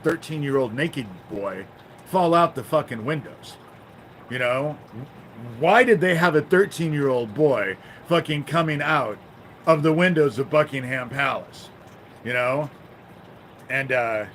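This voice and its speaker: Swearing heavily, a man ranting on his livestream keeps plugging gaps with "you know?" as his anger spills out. He sounds animated, with a fairly high pitch and a fairly bright tone, captured in a low-quality recording that has a little hiss or hum.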